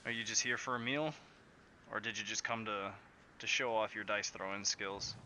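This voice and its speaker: A man's voice: lowish voice, steady tone, moderate pace, pushed and bright, slight background noise. A man voicing a jovial male sailor in a tabletop game, hearty and easygoing. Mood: friendly. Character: jovial adult male sailor, friendly deckhand.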